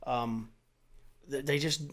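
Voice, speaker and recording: In a casual podcast chat, a middle-aged man tells animated stories emphatically, swearing a lot. His voice is medium-pitched, and he takes his time.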